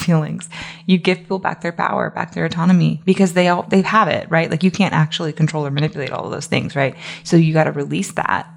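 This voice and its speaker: A woman's voice: deep voice, creaky. A young adult woman coach hosting a solo podcast, talking casually and emphatically with frequent "like" and "right?" fillers. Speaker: business coach, podcast host.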